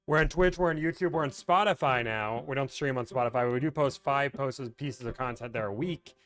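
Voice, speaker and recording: A man hosting a live stream about negotiating car deals, chatting casually and thinking out loud with frequent restarts. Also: medium pitch, brisk. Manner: thinks aloud, rambling with restarts. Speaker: car deal negotiator and livestream host.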